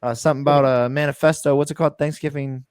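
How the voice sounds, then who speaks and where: A man's voice: on the high side, steady tone, quick pace, a little mellow, clear, resonant tone, no room sound, studio quality. A man hosting a podcast in casual banter, swearing loosely as he moves the show between segments. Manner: loose, profane, runs the segments. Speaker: podcast host.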